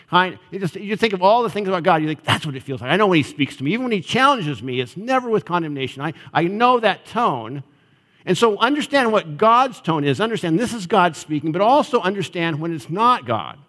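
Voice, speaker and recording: A man's voice: on the high side, a bit bright. A male pastor giving a sermon in a conversational style, often checking in with the audience. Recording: long reverb of a large hall.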